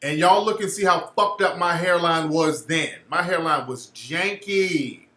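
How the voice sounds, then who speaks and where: A man speaking hosts a loose livestream in an echoey room. His voice runs slightly high and bright, and he tells his stories in a blunt, profane, animated way. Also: a little slow. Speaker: show host. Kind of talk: casual livestream talk.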